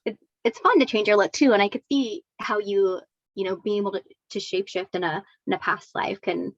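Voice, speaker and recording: A woman of middling pitch speaks in a casual interview, rambling with plenty of "like" and "you know" and warmly agreeing. Her audio is muffled and lo-fi, with no room sound at all. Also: steady tone, brisk, no echo. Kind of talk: casual video-call interview. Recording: dull, dry lo-fi audio.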